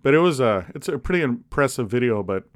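A man co-hosting a podcast, cracking deadpan jokes in casual rambling chat. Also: mid-range voice, quick pace. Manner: deadpan jokey, rambling with restarts. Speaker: podcast co-host.

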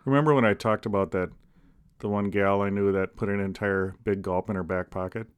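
A man co-hosting a podcast, cracking deadpan jokes in casual rambling chat. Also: fairly low pitch, fairly quick, clear, resonant tone. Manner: deadpan jokey, rambling with restarts. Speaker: podcast co-host.

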